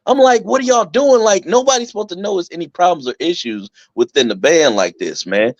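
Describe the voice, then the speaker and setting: A young man talks casually and swings up high whenever he acts out what someone said. He laughs through his stories. The recording is dry and a bit muffled. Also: brisk, no echo. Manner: animated storyteller, acts out quotes in a higher voice, laughs often. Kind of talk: casual chat.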